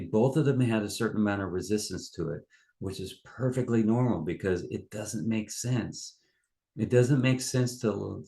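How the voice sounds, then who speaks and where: A middle-aged man with a very low, deep voice talks through a coaching topic. His delivery is loose and rambling, with frequent fillers and restarts. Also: vocal fry, darkish tone. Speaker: life coach. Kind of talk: casual monologue.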